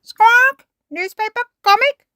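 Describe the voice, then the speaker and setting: A shrill squawking parrot. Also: female voice, slow pace, pushed and bright, no room sound, studio quality, exaggerated voice. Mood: squawky. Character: squawking copycat pet parrot.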